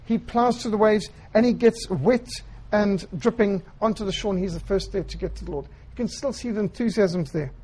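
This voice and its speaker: Husky-voiced male preacher. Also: high-pitched, moderate pace, low-quality recording. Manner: earnest storytelling, quiet emphatic phrasing. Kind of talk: sermon.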